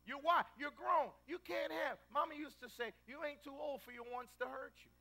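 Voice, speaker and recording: Gravelly, bright-voiced preacher man. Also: very high-pitched, normal speed. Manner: animated storytelling, shouting at peaks. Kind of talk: sermon.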